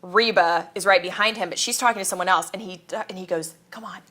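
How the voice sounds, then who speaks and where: A woman's voice: fairly low pitch, fast, sharp tone. A woman from Kansas, a guest in a casual interview, telling stories animatedly, acting out quotes and laughing often.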